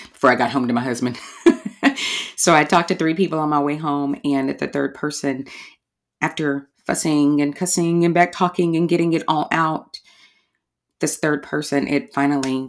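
A woman hosting a podcast, talking candidly and casually to her listeners, calling them y'all. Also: sits low. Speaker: podcast host.

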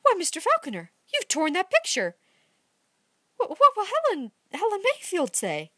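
A woman reading aloud, voicing a cheerful, teasing young woman in a bright, lilting voice. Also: high-pitched, sing-song, no echo, studio quality, pitched above the performer's own voice, exaggerated voice. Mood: alarmed. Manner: bright and lilting, quick to laugh.

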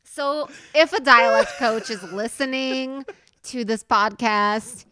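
A woman's voice: a little high, slow pace, sharp tone, clear, resonant tone. A woman from New Jersey with a slight Jersey accent, co-hosting a podcast in playful casual chat, laughing and swearing. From New Jersey, USA. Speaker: podcast co-host.

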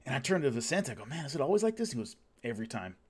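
A man's voice: mid-range voice, rapid-fire, breathy edge. Man telling fight stories casually. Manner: animated, acts out quotes of others. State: has hiccups. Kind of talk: casual storytelling.

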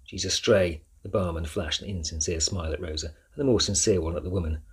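A man reading an audiobook aloud in a steady storytelling manner. His voice sits very low and sounds heavily husky throughout. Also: quick pace. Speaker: narrator. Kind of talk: audiobook narration.

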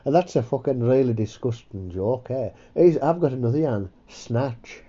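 Male podcast host; crude, rambling, self-mocking comic, dark tone. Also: medium pitch, expressive, moderate pace, dull audio. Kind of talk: casual comedy chat.

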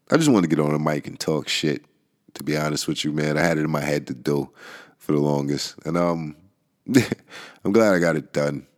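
A man hosting a casual solo podcast, rambling and swearing, laughing often and trailing off into mumbles. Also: rumbling low. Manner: rambling and profane, with frequent laughs and restarts. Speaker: podcast host.

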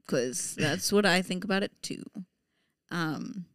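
Woman in her 30s chatting on a podcast, smooth but gravelly, lots of ums and restarts. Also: fairly low pitch, lively intonation, takes it slowly, a bit bright, no echo, clean studio sound. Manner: laughs often, many fillers and restarts. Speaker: podcast co-host. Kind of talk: casual chat.

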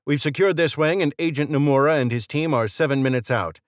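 A man doing a brisk, clipped field agent. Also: fairly high pitch, no room sound, studio quality, voice pushed up, close to an everyday voice. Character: brisk male agent reporting in.

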